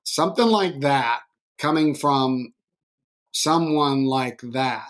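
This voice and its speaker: A middle-aged man hosts a podcast interview, his voice sitting at a medium pitch. He rambles and restarts as he tells stories, animated and chatty. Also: slow. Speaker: podcast host. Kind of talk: conversational interview.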